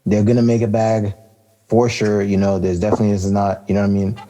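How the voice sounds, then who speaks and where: A man's voice: lowish voice, level tone, fast talker, warm tone. A man co-hosting a casual hip-hop podcast, talking in a laid-back, rambling way with lots of fillers and laughter. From Canada. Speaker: podcast co-host.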